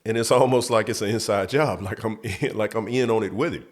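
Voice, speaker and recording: A middle-aged man with a somewhat low voice spins a long anecdote as host of his own show. He talks in a loose, casual way with restarts, and turns animated, shooting his pitch up high when he acts out what people said. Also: fairly quick. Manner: animated, jumps up high when quoting others. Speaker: host telling a story. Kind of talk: casual storytelling.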